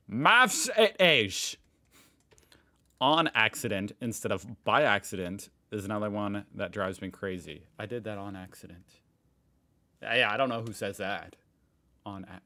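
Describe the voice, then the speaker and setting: A man's voice: fairly low pitch, sharp tone. An American man hosting a casual reaction video, reading posts aloud and commenting with amused, chatty remarks. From United States. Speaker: host reacting to online posts. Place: home room in Indiana.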